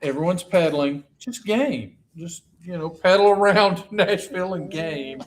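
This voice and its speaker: A man's voice: sits high, expressive, unhurried, a little hiss or hum. A man with a New York accent, cracking jokes in a casual group chat. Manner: wisecracking, joking asides.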